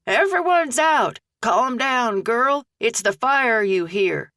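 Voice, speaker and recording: A woman voicing a gruff older man who hollers back, brushing off a worried woman. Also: fairly high pitch, expressive, takes it slowly, fairly bright tone, pitched above the performer's own voice, full character voice. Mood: dismissive. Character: gruff old miner man, dismissive.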